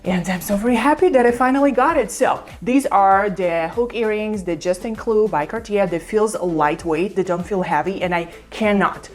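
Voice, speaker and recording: Excited woman vlogger unboxing a gift. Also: mid-range voice, normal speed, hardly any pauses, soft background music. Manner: excited, gushing. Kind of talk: casual unboxing vlog.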